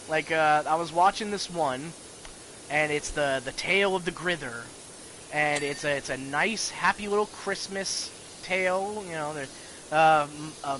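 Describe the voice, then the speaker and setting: A man's voice: a little high, bright, forceful tone, slight background noise, low-quality recording. A man rambling casually and profanely about horror shows while playing a video game. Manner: rambling, profane, full of restarts. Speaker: gaming video host.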